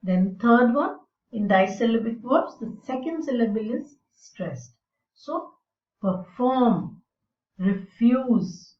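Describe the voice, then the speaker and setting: A woman teaching English in a slow, deliberate lecture, explaining with fillers. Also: on the high side, animated. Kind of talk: recorded lecture. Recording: roomy and distant, dull sound.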